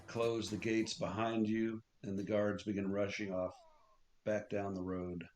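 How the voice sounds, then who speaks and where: A man acting as game master, narrating scenes and asking the players what they want to do, in a relaxed way. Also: fairly low pitch, a little slow, a little hiss or hum. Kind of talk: running a tabletop game.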